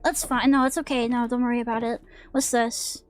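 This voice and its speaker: A woman VTuber chats casually with her viewers while playing a horror game, getting jumpy and swearing as she jokes around. Her voice is a little high with a steady tone, she talks fast, and faint music plays behind her.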